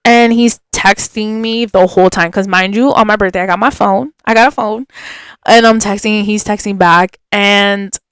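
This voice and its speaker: A young woman hosting a podcast, telling a story in an animated, chatty way, laughing often and filling it with "like". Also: medium pitch, normal speed, clear, resonant tone, no echo. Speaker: podcast host. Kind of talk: casual storytelling.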